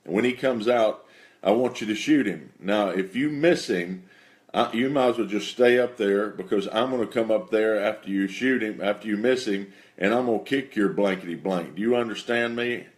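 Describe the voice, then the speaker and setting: A man playing a gruff, cussing male boss of a hunting club who barks threats. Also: lowish voice, moderate pace, lightly acted. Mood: threatening. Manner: bossy, threatening.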